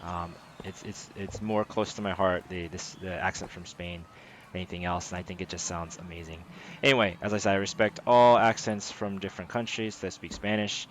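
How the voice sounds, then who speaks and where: An American man with a lowish voice talks through a game in casual commentary. He speaks haltingly and keeps correcting himself, with faint hiss behind him. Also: fairly even intonation. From United States. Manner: halting, self-correcting, full of fillers. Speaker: gameplay host translating dialogue.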